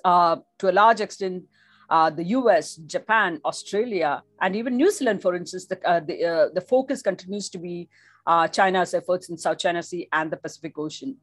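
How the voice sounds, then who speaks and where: A woman delivering a formal policy talk in a measured way, now and then restarting a word. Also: fairly low pitch, no room sound. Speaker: policy analyst.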